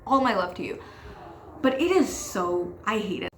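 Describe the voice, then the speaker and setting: A woman's voice: medium pitch, big pitch swings, normal speed, a bit bright, slight background noise. Ranting teenage girl in an echoey room. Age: teens. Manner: frank, swears freely, ranting and self-deprecating. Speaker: podcast host. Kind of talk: casual confessional rant.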